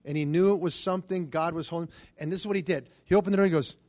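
A middle-aged man preaching and telling a story in an animated way, acting out the voices of the people in it. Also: fairly high pitch, rapid-fire. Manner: animated, acts out quoted voices. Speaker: Catholic charismatic preacher. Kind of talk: storytelling sermon.

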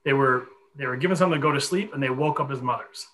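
A man in his forties telling a long personal story in a podcast conversation, animated and full of fillers. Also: medium pitch, fast talker, low-quality recording. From Connecticut. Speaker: guest.

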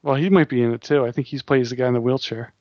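A man's voice: medium pitch, fairly even intonation, quick pace, darkish tone, dry recording. Guy cohosting a podcast, dry matter-of-fact comments, muffled dry lo-fi sound. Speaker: podcast co-host. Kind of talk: casual late-night chat. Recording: dull lo-fi dry recording.

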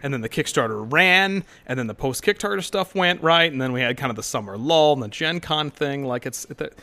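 A man's voice: medium pitch, lively intonation, a little fast, sharp tone. A man co-hosting a podcast, trading sarcastic jokes in casual banter. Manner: sarcastic, joking. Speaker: podcast co-host.

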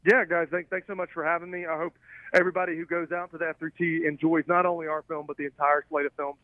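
A man with a Southern US accent from Alabama, a filmmaker guest chatting casually in an interview, relaxed and rambling with many restarts. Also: on the high side, fast talker, no echo. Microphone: phone line. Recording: tinny phone line.

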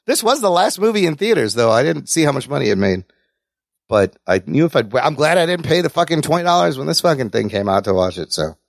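A man co-hosting a podcast in casual chat, animated and profane. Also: fast talker, vocal fry, no echo. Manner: animated, profane, swings between high and low pitch. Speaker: podcast co-host.

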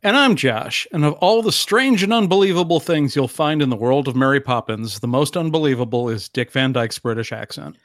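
A man's voice: mid-range voice, lively intonation, brisk, few pauses, no echo, clean studio sound. A man co-hosting a casual podcast chat, giggly and wry as he reads out plugs. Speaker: podcast co-host.

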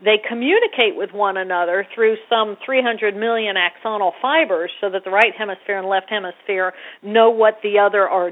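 A woman guest explaining ideas in a conversational way. She gets animated and acts out little scenes with a rising voice. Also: medium pitch. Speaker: guest brain scientist. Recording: tinny phone-line audio.

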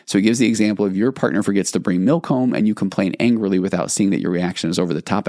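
A man with a low, gravelly voice talks through ideas on his solo podcast. He is reflective and casual, now and then voicing his own inner thoughts as examples. The sound is close and dry. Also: quick pace, few pauses, warm tone, no room sound. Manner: reflective, explains with acted-out inner dialogue. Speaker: podcast host.

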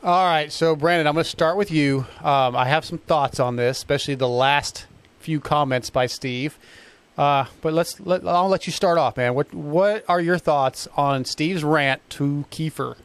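A man's voice: a little high, moderate pace, clean tone. A man hosting a motocross talk show, casually leading his guests through the discussion. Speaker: podcast host.

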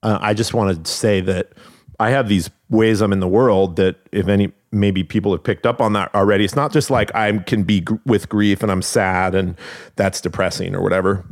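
A man's voice: lowish voice, steady tone, normal speed. A man talking earnestly and reflectively as a podcast guest, laughing now and then. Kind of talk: casual conversation.

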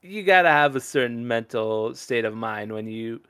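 A man hosting a casual podcast chat, rambling and animated, laughing often as he talks. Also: mid-range voice, normal speed, smooth.

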